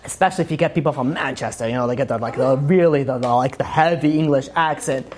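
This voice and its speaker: A male rabbi teaches a class in a loose, chatty way. His voice sits at an ordinary middle pitch, and he keeps drifting into wry tangents and jokes at his own expense. He strings his thoughts together with endless "you know" and "like". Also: slight background noise. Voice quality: rambling, full of "you know" and "like" fillers. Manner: wry self-mocking humor with quick asides. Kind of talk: casual joking lecture.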